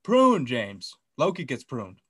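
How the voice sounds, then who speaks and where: A man co-hosting a podcast, excitedly recapping a TV episode in casual chat, swearing often and acting out the scenes. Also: mid-range voice, slow pace, slightly rough, no echo. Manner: excitable, profane, acts out scenes. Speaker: podcast co-host.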